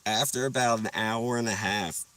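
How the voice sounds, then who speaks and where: A man's voice: fairly low pitch, fairly even intonation, moderate pace, bright, forceful tone, far from the mic. A young man telling rambling, profane stories while sitting in his parked car, laughing at his own jokes. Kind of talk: casual storytelling livestream.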